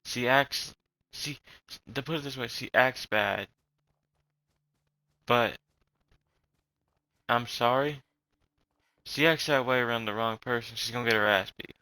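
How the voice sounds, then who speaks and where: A young man with a slight Southern accent rants loosely and swears often as he plays. His voice is bright and tense, and the recording is dry with no room sound. He talks in a rambling way and keeps restarting his sentences. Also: medium pitch, unhurried, long pauses, smooth, dry recording, poor audio. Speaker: vlogger. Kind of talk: rambling casual rant.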